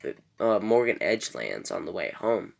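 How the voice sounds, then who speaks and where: A man's voice: deep voice, very animated, moderate pace, vocal fry. A man casually recapping a TV episode in a rambling way, full of fillers and self-corrections. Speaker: TV episode reviewer.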